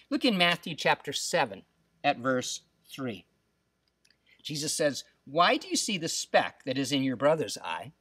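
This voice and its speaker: A man preaching a sermon as pastor, acting out quotes with lively emphasis and dropping to soft, quiet stresses. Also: on the high side, dry recording, far from the mic.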